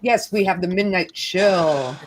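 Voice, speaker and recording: A woman's voice: lowish voice, measured pace, rough recording. A woman hosting a casual live-stream chat on a video call from home, bubbly and giggly as she chats while cooking. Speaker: host of a live stream hangout.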